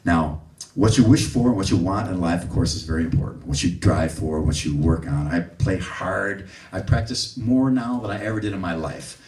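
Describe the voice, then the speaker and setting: A low-voiced man speaks to a live clinic audience, telling stories with lively acted-out quotes. The sound is roomy and picked up from a distant mic. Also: moderate pace. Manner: animated storyteller, acts out quotes. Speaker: bass clinician. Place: room with an audience.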